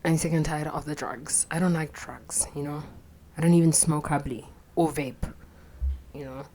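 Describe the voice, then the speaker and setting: Low-voiced, shaky young woman. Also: steady tone, normal speed, warm tone. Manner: rambling, blunt and profane. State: anxious, voice shaky. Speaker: vlogger. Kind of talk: casual confessional vlog.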